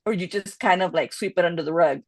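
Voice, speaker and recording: A woman's voice: lowish voice, fast, no room sound. Woman cohost rambling with lots of "you know", mixing in some spanish, dry sound. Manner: candid storytelling with Spanish phrases mixed in; chatty, with many "you know" fillers. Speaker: podcast co-host. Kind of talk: casual podcast chat.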